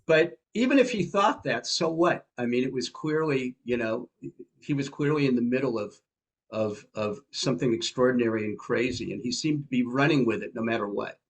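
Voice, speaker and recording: A man hosts an interview, asking long, winding questions with a wry edge. His voice sits at an ordinary middle pitch for a man. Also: expressive, moderate pace. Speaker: host.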